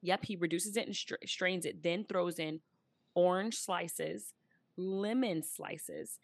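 Her voice is on the low side and gravelly, and she speaks slowly on a dry recording. She's a podcast co-host in casual conversation, a chatty storyteller who imitates the people she quotes in playful voices.

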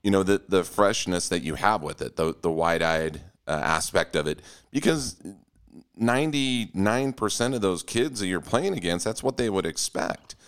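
Deep smooth-voiced guy hosting a podcast, thinking out loud, pretty low. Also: lively intonation, normal speed. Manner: reflective, thinks aloud with restarts. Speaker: podcast host. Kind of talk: conversational interview.

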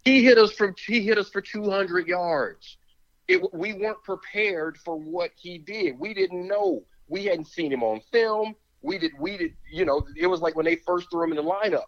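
Emphatic former player, lo-fi sound. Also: male voice, high-pitched, sing-song, moderate pace, vocal fry. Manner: emphatic, repeats words, talks himself out of breath. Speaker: former pro football player, analyst. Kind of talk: sports talk, animated argument.

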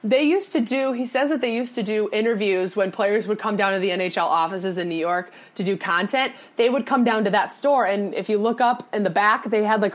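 A young woman co-hosting a podcast, telling a bubbly, laugh-filled story in casual chat and acting out the people she quotes. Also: medium pitch. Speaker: podcast co-host.

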